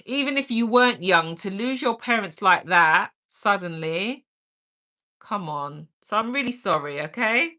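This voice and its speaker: A woman's voice: mid-range voice, lively intonation, a little slow, sharp tone. A middle-aged woman hosting a livestream, chatting energetically and caringly while reading out viewer comments. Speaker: livestream host.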